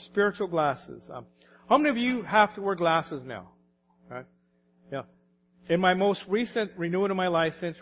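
A man's voice: on the high side, highs cut off, a little hiss or hum. A man in his late forties or older preaching a sermon in a conversational, anecdotal way, often laughing as he talks. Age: late 40s or older. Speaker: pastor.

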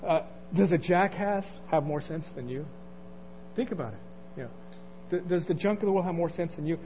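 A man's voice: on the high side, brisk. A man preaching a conversational sermon as pastor, asking the congregation questions and chuckling between points. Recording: dull lo-fi recording, faint noise.

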